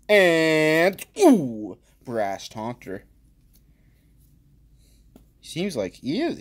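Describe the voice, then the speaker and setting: A man hosting his own channel, casually commenting as he opens card packs, joking and reading card names aloud with bursts of excited exclaiming. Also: mid-range voice.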